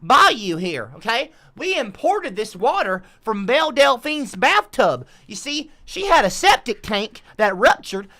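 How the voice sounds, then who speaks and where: A woman's voice: a little high, sing-song, a little slow, hardly any pauses, pushed and bright, voice pushed up, exaggerated voice. A woman putting on a folksy swamp tour guide. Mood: salesy welcoming. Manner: salesy welcoming patter.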